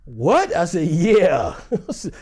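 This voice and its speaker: A man's voice: high-pitched, moderate pace. An older man, an actor, telling a casual anecdote and acting out the quoted lines with energy. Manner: lively, acts out the quotes.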